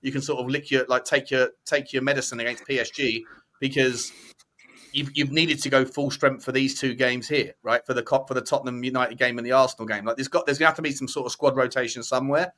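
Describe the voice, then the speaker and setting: A man's voice: mid-range voice, steady tone, fast, sharp tone. Mid-range man, rambling, self-correcting panelist. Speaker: fan podcast panelist. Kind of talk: casual football debate.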